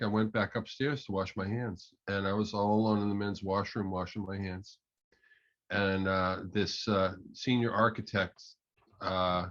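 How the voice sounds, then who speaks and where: Low-voiced man telling a story. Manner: conversational, halting, many fillers. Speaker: management consultant and keynote speaker. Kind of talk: storytelling talk. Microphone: online call audio. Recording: muffled online call audio.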